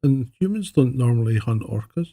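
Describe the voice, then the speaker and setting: A man's voice: medium pitch, animated, normal speed, warm tone, no echo, clean studio sound. A man hosting a casual podcast chat, blunt and swearing freely as he tells jokes. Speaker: host, retired police sergeant.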